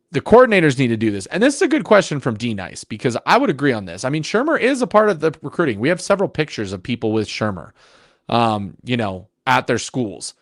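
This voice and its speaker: A man co-hosting a sports podcast, talking in an animated, emphatic way in long runs. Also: medium pitch, no echo, studio quality. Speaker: podcast co-host. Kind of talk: casual sports podcast chat.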